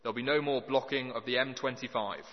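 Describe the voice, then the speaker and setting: A man's voice: mid-range voice, fairly even intonation, a little fast. Man preaching in a reverberant hall. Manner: earnest, conversational with dry humour. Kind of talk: sermon. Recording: dull lo-fi sound with long hall reverb.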